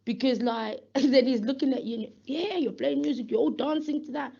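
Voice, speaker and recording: A woman's voice: high-pitched, brisk, vocal fry, husky. A woman giving a safeguarding talk, telling stories and acting out bits of dialogue. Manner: lively storytelling, acts out dialogue with laughs. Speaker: safeguarding speaker. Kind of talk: animated talk at a webinar. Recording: muffled lo-fi audio.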